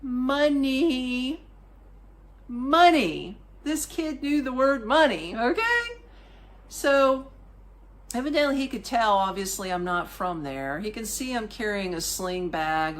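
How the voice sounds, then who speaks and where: A woman's voice: lowish voice, moderate pace. Chatty woman telling a travel story. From United States. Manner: animated, colloquial, chatty asides to the listener. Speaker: podcast host. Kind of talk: casual storytelling monologue.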